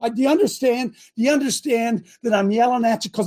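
An older man hosting a show, preaching a fiery rant that swings between yelling and low muttering. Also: fast talker, few pauses. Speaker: host and preacher.

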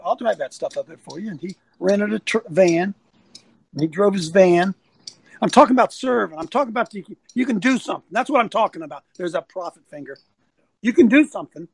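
A man's voice: high-pitched, poor audio. A man nicknamed Coach who tells a folksy story and rallies listeners to serve, talking into a phone. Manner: folksy storytelling, rallying, animated. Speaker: ministry leader called Coach. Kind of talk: livestreamed preaching talk.

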